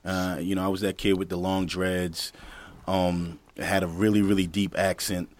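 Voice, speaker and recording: A man's voice: deep voice, little pitch movement, moderate pace. A middle-aged man from the Virgin Islands, co-hosting a podcast in casual chat, telling stories with laughter and acted-out quotes. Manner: storytelling, laughs often, acts out quotes. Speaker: podcast co-host, football coach.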